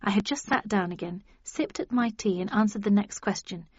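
Casting: woman audiobook narrator, mid-pitched, expressive, dry dull studio sound. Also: brisk, breathy edge, dry recording. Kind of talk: scripted first-person narration.

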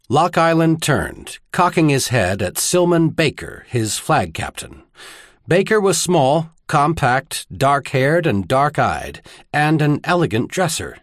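A man narrating a novel in a measured, expressive storytelling manner. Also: a little high, no echo, studio quality. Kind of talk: audiobook narration.

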